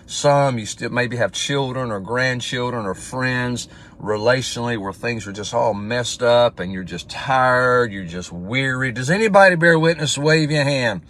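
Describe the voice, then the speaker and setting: A man's voice: mid-range voice, unhurried, fairly bright tone. A man giving a casual livestream devotional as pastor, talking in a conversational way and reading scripture aloud with emphasis.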